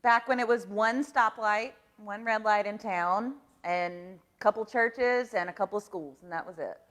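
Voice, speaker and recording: A woman's voice: mid-range voice, normal speed, fairly bright tone. A woman radio broadcaster from Alabama, a guest in an interview, telling stories in a friendly way and laughing easily. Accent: neutral broadcast diction with a light Southern trace. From Satsuma, Alabama, US. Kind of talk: interview conversation.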